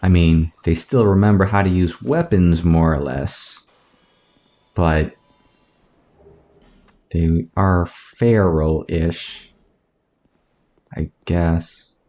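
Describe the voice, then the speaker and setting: A man casually commentating his own gameplay, rambling aloud through tangents with soft self-mocking asides. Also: low voice. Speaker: let's play gamer.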